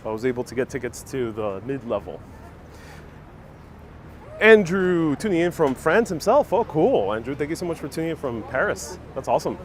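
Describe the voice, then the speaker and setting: A man's voice: on the high side, sing-song, normal speed, a little hiss or hum. A man hosting a casual walking livestream outdoors in a city, chatting upbeat and reading viewer comments aloud, laughing often. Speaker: travel livestream host.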